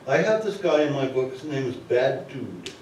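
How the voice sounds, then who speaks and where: A man's voice: mid-range voice, very animated, moderate pace, darkish tone, slight background noise. A man telling a story live on a theater stage, chatting with the audience through asides. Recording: echoey theater from far off.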